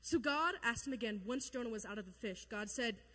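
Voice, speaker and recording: A woman's voice: fairly high pitch, expressive, a little fast, pushed and bright, big-room sound, slight background noise. A woman leading a casual Bible lesson, chatty and joking, acting out quotes in funny voices. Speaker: youth Bible study leader.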